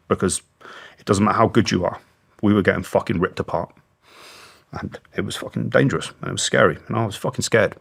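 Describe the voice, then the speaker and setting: A man's voice: fairly low pitch, creaky. Blunt, swearing British ex-soldier man. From Britain. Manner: blunt, heavy swearing, emotional recounting. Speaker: guest, former special forces soldier. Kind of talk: candid interview storytelling.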